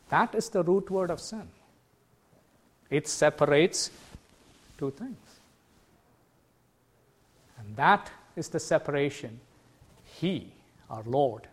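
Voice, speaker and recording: Delivering a sermon in a fairly high-pitched voice, this man sounds earnest and emphatic. He slows his pace to lean on the important words.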